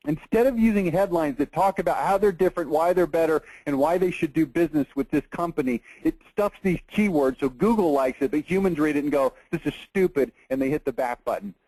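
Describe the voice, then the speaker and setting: A man's voice: fairly high pitch, fairly quick, hardly any pauses, mellow, no echo, rough recording. A man, giving a blunt, emphatic marketing webinar with an exasperated edge. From Texas. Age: 40s. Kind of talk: webinar presentation over screen share.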